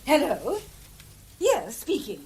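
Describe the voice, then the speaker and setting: A woman's voice: sits high, wildly swooping pitch, takes it slowly, a little mellow, exaggerated voice. A flustered posh lady. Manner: fluttery, exclamatory, posh. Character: flustered aristocratic English lady of the house. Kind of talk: 1950s radio play acting.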